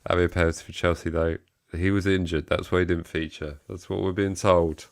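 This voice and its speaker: A man's voice: sits low, little pitch movement, brisk, vocal fry, dry recording, studio quality. An English man co-hosting a football fan live stream, joking casually and reading out chat comments. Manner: jokey, reads chat aloud, chuckles and trails off. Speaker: co-host of a football fan show.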